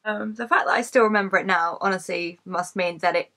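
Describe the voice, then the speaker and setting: In her late twenties and from Kent, England, this YouTuber speaks directly to camera, listing facts about herself. Chatty and candid, she laughs at her own stories and swears freely, her voice at a typical middle pitch for a woman, fairly quick and a bit bright.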